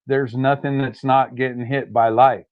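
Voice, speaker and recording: A man's voice: medium pitch, little pitch movement, moderate pace, dry recording, highs cut off. A man co-hosting a casual chat, easygoing and matter-of-fact.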